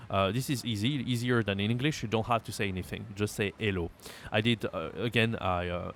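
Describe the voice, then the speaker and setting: French guy teaching his own language online, chatty, says words over slowly for you. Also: mid-range voice, slight background noise. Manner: chatty, repeats words slowly for learners, frequent fillers. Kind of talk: casual online language lesson.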